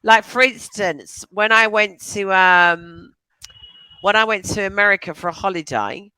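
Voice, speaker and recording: A woman's voice: mid-range voice, measured pace, sharp tone, clear, resonant tone, no room sound, rough recording. A woman with a London accent chatting as an online English tutor, asking lots of questions over a video call. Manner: chatty and encouraging, asks many questions. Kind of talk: casual conversation lesson.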